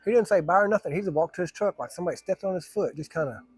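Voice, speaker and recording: Colloquial male storyteller, meandering and profane, slightly high voice. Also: very fast, darkish tone, slightly rough, dry recording. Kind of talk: casual anecdote telling.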